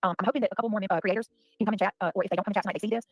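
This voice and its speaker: Brief: Southern woman, rapid live-stream host chatter, close dry mic. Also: medium pitch, steady tone, dry recording. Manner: chatty, reads out viewer names. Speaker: livestream host. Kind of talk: casual live chat.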